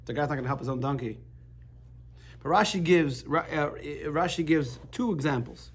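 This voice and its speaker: A man teaching a Torah class in a chatty, halting way, telling jokes and restarting his sentences. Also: a little high, slightly rough.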